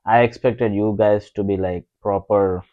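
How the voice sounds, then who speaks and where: Indian-accented man with a low voice, chatting hesitantly. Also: steady tone, a little slow, no echo, lo-fi sound. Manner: hesitant, many fillers, self-deprecating. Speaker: podcast co-host. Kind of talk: casual conversation.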